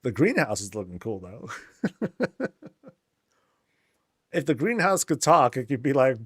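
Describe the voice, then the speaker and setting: A man's voice: mid-range voice, sing-song, measured pace, long pauses, slightly rough, dry recording, studio quality. A man hosting a casual game tour, laid-back and joking, with lots of slang. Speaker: game channel host.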